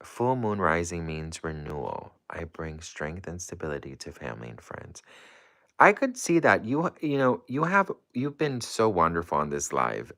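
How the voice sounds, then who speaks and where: A man's voice: low voice, a bit bright. A man hosting a casual livestream, reading viewer comments aloud and chatting in an effusive, rambling way. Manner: effusive and gushing, rambling with lots of "like". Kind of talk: casual live-stream chat.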